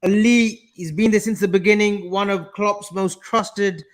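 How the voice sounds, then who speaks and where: Man, co-host, high voice, chatty, teasing, football banter. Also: steady tone, unhurried. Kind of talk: casual football chat, reading super chats.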